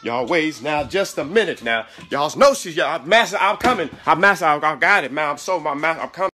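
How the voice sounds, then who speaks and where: A woman voicing a frightened, hurried servant who stammers and begs not to be punished. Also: low voice, expressive, pushed and bright, faint music behind, voice pushed up. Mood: frantic pleading. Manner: stammering, repeating words, begging. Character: frantic pleading old-time servant, fearful and hurried.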